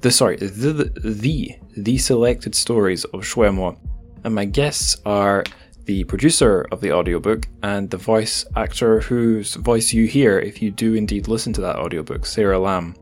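A man's voice: on the low side, moderate pace, faint music behind. A man with a Scottish accent hosting a podcast, talking casually and poking fun at himself. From Scotland. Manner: chatty, self-deprecating, with frequent restarts and asides. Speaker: podcast host.

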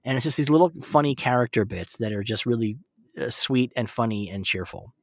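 A man's voice: mid-range voice, animated, brisk, no room sound, clean studio sound. A man co-hosting a podcast, chatting casually about a TV episode and swearing now and then. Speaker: podcast co-host. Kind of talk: casual recap chat.

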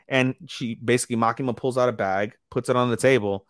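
A man co-hosting a podcast, telling a rambling, animated recap that quotes characters and swears freely. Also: medium pitch, fast, no echo, clean studio sound. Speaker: podcast co-host. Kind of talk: casual chat recapping anime.

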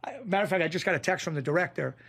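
A man from Springfield, Massachusetts, a guest telling a story in a casual, rambling and animated way, full of restarts. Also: a little high, rapid-fire, gravelly, slightly rough. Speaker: guest, former mob associate.

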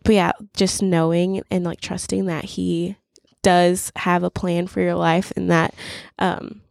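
A woman's voice: on the low side, little pitch movement, measured pace, gravelly, no room sound, clean studio sound. A young woman, a guest on a casual faith chat, speaking sincerely with many fillers. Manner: chatty, filler-heavy, sincere.

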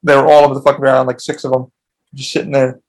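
A man's voice: medium pitch, level tone, fast. A man hosting his own podcast, telling a long story in a casual, rambling way with lots of swearing. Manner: profane, rambling, frequent restarts. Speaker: podcast host.

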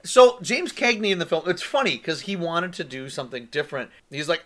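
A man co-hosting a casual film chat, agreeable and quick with a yeah. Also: fairly high pitch, animated, fairly bright tone. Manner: agreeable, lots of yeahs, laughs. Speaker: podcast co-host.

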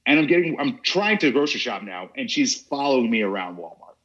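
A man on a podcast as a guest, telling a comic story in an animated way. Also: mid-range voice, a little fast. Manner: animated, laughs as he tells it. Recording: dull lo-fi audio.

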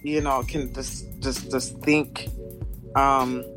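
Guest musician on a call, halting and unsure, lots of likes and ums, soft music behind. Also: mid-range voice, level tone. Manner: hesitant, halting, many fillers and restarts. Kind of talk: casual interview chat.

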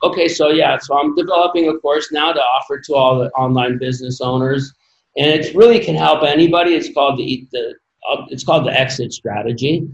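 A man's voice: medium pitch, a little fast, gravelly, highs cut off. Earnest rambling man in a roomy room. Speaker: podcast guest, former Olympic athlete. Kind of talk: casual conversational interview. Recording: roomy echo.

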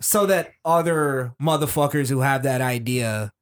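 A man's voice: mid-range voice, a little slow. Blunt, opinionated man in casual chat. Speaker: podcast co-host.

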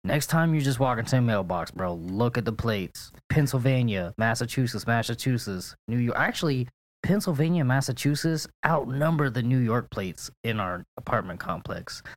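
A man's voice: mid-range voice, expressive, moderate pace, no room sound. A young man co-hosting a casual podcast, laid-back, swearing a lot and laughing often. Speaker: podcast co-host. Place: apartment in St. Petersburg, Florida.

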